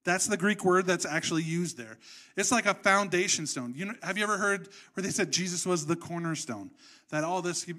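A man preaching a sermon in an animated, conversational storytelling way. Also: high-pitched, brisk. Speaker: pastor.

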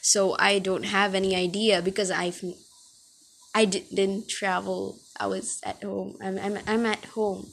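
A woman's voice: mid-range voice, flat delivery, unhurried, gravelly, a bit bright. A woman hosting a casual solo podcast from home, talking in a hesitant way and often tripping over her words. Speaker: podcast host.

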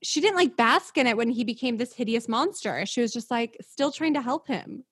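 Young woman, raised pitch, husky voice; casual film-podcast banter, giggly and sarcastic. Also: animated, moderate pace, a bit bright. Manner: laughing often, filler-heavy, sarcastic. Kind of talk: casual movie review chat.

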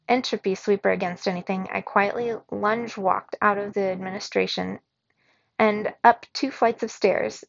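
A woman reading a children's novel aloud in the first person, expressive, giving the characters their own voices. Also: mid-range voice, vocal fry, dry recording. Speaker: reader. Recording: dull lo-fi recording in a dry room.

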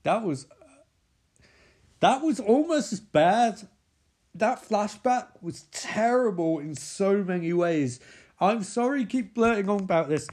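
A man recaps a movie casually and rambles on with open disbelief, swearing as he goes. His pitch sits a little high and swings about a lot in an animated way. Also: slow pace.

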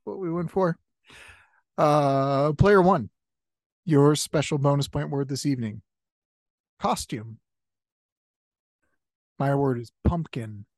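Slow, playful comedy host, dry sound. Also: male voice, fairly high pitch, darkish tone, dry recording. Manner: jokey, laughs often between lines. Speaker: host of a comedy game show. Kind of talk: playful improv hosting.

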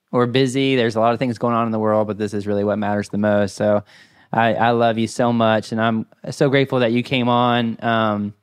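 An American man hosts a relaxed podcast chat, gushing with affection for his guest and tripping over restarts as he goes. His voice sits fairly low and sounds smooth and resonant. The sound is dry and close, with no room around it. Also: no room sound. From United States. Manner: warm-hearted, effusive, halting restarts. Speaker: podcast host. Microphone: remote call.

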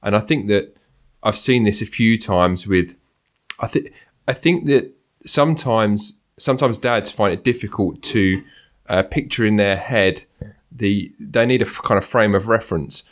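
A man's voice: on the low side, a little slow. A man hosting an interview podcast, talking thoughtfully with frequent restarts. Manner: thoughtful, hesitant with many restarts. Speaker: podcast host. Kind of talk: conversational interview.

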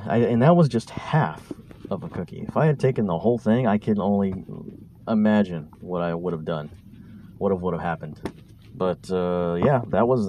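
Low-voiced man telling a rambling story. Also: noisy background. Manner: rambling, stuttering and restarting. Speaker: podcast host. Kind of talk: casual storytelling.

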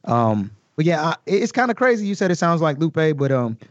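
A man talking casually as a podcast guest, explaining his own rap lyrics in an animated way with many fillers. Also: fairly high pitch, a little fast, no room sound, muffled recording. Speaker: guest recording artist.

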